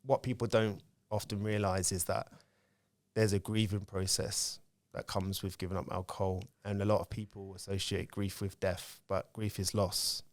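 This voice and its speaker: A man's voice: sits low, level tone, moderate pace, dry recording. A man, speaking as a podcast guest and telling candid stories about his own life in casual conversation. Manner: candid storytelling, reflective.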